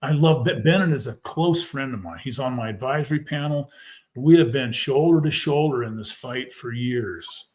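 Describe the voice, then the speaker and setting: A man telling his own story as a podcast guest, emphatic and animated, acting out what others said. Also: mid-range voice, moderate pace. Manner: animated, retells scenes by quoting people; emphatic, fervent. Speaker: podcast guest, former football player. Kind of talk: personal storytelling in a conversation.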